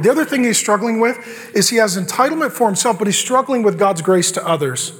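A man's voice: sits high, lively intonation, quick pace. A male pastor preaching a sermon with humor, acting out biblical characters in quoted asides.

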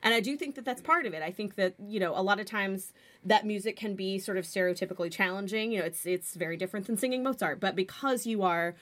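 A woman's voice: mid-range voice, fast talker, a bit bright. A woman singer talking in a casual interview, thoughtful and full of fillers.

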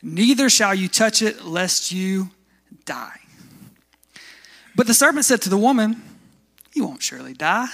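Guy pastor preaching, pretty high voice, bright and chatty, keeps asking the crowd questions. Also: lively intonation, a little slow, vocal fry, pauses often. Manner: conversational, asks the congregation questions. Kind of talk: sermon.

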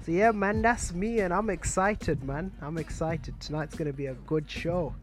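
A man appearing as a guest on a radio show, introducing himself in a relaxed, easygoing way. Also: fairly high pitch, normal speed. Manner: relaxed, easygoing, laughs easily. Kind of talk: casual radio banter.

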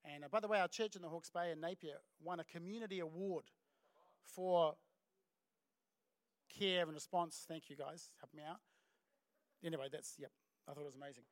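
Lively New Zealand pastor preaching. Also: male voice, fairly high pitch, moderate pace, long pauses, dry recording. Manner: animated storytelling with acted voices and laughs. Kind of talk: sermon. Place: church stage.

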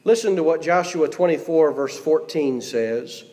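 A man's voice: on the high side, expressive, a little slow, a little mellow. A man preaching a sermon in a church, reading scripture aloud and putting questions to the congregation. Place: church sanctuary. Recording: long hall reverb.

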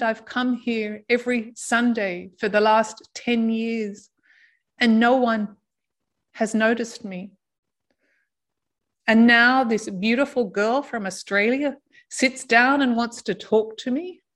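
A lonely elderly widower, soft-spoken and earnest, pleading gently, as a woman quotes him in her story. His words come in a hushed, heartfelt tone. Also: on the high side, fairly even intonation, takes it slowly.

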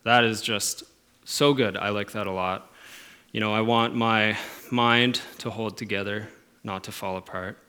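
A low-pitched man delivers a sermon. He talks earnestly, dropping to quiet musing and then rising to strong, stressed points. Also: fairly even intonation, a little slow, clean tone. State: emotional at moments. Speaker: pastor.

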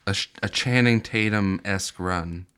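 A man's voice: lowish voice, normal speed, pushed and bright, clear, resonant tone. A man co-hosting a casual movie podcast, chatting with wry, dry humor. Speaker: podcast co-host. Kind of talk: casual chat about movies.

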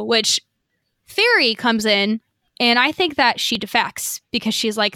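Chatty high-voiced woman podcast host. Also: animated, moderate pace, pushed and bright, no echo, clean studio sound. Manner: chatty, profane, lots of fillers and acted quotes. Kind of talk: casual episode recap.

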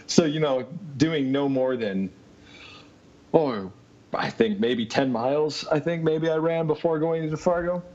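A man's voice: fairly high pitch, measured pace, a little mellow. A man tells a long personal story in an easy, rambling way. He laughs often and fills his talk with ums and you-knows. The recording sounds muffled and lo-fi. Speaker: interview guest. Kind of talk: casual storytelling.

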